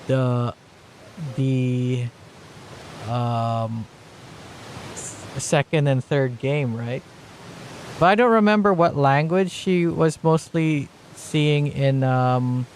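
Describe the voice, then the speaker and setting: A man's voice: on the high side, a little hiss or hum. A man giving casual live-stream commentary on a game, rambling with many fillers and restarts, sometimes reading on-screen text aloud.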